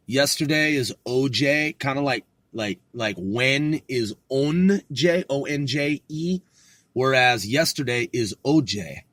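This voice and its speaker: A man talks through his study notes at a slow, halting pace, swearing casually as he puzzles over words. He spells terms out letter by letter and mutters to himself. His voice sits at an ordinary pitch, recorded close and dry with no room sound. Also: fairly bright tone, no echo. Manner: profane, thinking aloud, halting. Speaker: language learner reviewing notes.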